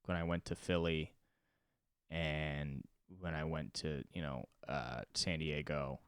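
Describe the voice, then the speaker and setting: A young man with a very low, smooth voice hosts his own comedy podcast alone. He rambles and swears, jumping from loud outbursts to low mumbles, and the recording is close and dry. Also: steady tone, takes it slowly, no echo. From Los Angeles. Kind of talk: solo podcast monologue.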